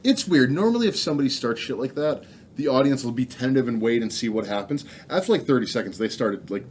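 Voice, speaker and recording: A man's voice: medium pitch, animated, quick pace, darkish tone, a little hiss or hum. A man, a stand-up comedian guest, chiming in emphatically on a shared story. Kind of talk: casual chat.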